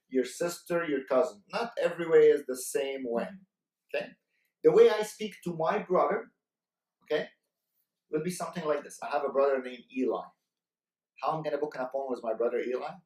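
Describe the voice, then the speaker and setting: A man with a fairly high voice leads a sales training session, driving his points home by repeating them and checking in with his listeners. He sounds distant from the mic, and the room carries a noticeable echo. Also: darkish tone. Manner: coaching, repeats key points, keeps checking with "right?". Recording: roomy echo, mic far off.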